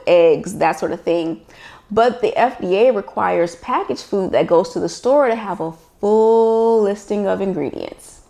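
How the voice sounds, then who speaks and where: Gravelly-voiced woman from Los Angeles. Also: on the low side, darkish tone. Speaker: recipe developer. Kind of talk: casual storytelling interview.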